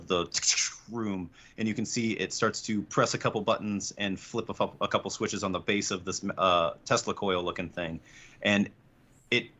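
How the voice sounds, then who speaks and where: A man's voice: lowish voice, bright, forceful tone. A man narrating a tabletop game as game master, rambling with many fillers and restarts.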